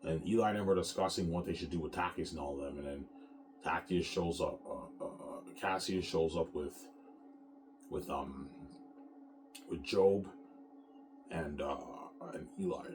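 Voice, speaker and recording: A man's voice: extremely low pitch, measured pace, long pauses, a little hiss or hum. A man casually rambling about his own novel, stumbling over repeated restarts and swearing freely as he boasts about it.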